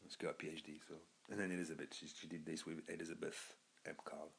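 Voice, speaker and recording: A man's voice: rumbling low, flat delivery, fast talker, creaky, slightly rough. A young man from Birmingham talking casually as a podcast host, rambling with many fillers and restarts. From Birmingham, England. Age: young adult. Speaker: podcast host recommending books. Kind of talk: casual monologue.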